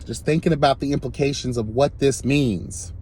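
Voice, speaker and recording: A man giving an impassioned, sassy commentary rant, swinging between soft asides and loud emphatic outbursts. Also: medium pitch, moderate pace, a little hiss or hum.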